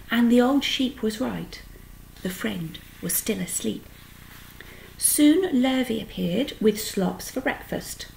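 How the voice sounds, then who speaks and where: A woman reading a children's book aloud, pausing to explain words to young listeners. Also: mid-range voice, vocal fry, a little mellow, slight background noise, poor audio. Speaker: storyteller.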